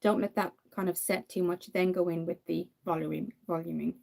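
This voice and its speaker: A woman's voice: lowish voice, fairly even intonation, fairly quick, vocal fry, a little mellow. A woman from Ireland with an Irish accent, chatting casually to viewers while doing her makeup on a livestream. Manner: chatty, answers viewer comments, many fillers.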